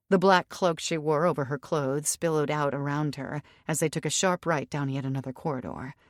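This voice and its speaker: A woman narrating an audiobook with even, steady storytelling on a close studio mic. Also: low voice, no room sound. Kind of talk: scripted narration.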